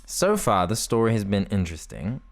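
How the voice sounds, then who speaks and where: This gaming YouTuber's fairly low voice is sing-song and fairly quick as he plays through a let's play, reading game text aloud and chuckling at himself. His mic sits close, in front of his face, and game music runs underneath.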